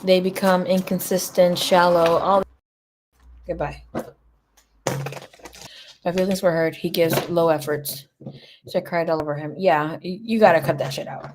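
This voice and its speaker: A woman's voice: lowish voice, level tone, measured pace, pauses often, background noise. Blunt, foul-mouthed woman tarot reader. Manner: blunt, profane, chatty storytelling. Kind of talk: casual livestream tarot reading.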